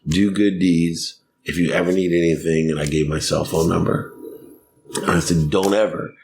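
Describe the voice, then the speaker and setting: A middle-aged man telling animated stories as a guest on a podcast interview. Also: low voice, moderate pace, slight background noise. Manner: animated, laughing storyteller. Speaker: guest, sports marketing executive.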